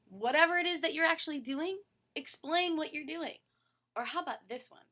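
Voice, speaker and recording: A woman stress therapist giving advice to camera in an animated way, often dropping to a soft near-whisper to demonstrate. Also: high-pitched, moderate pace. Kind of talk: instructional talk to camera.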